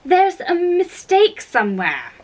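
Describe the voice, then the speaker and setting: A woman's voice: very high-pitched, wildly swooping pitch, slow pace, voice pushed up, heavily acted, poor audio. A woman reading aloud and voicing Alice, a polite and curious young girl, in a raised, earnest voice with slips and restarts. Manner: earnest, questioning. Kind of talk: storybook reading.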